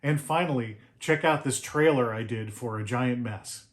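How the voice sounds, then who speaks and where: A man's voice: medium pitch, normal speed, dry recording. A middle-aged man, an author and illustrator, leading a step-by-step drawing tutorial. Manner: step-by-step instructive.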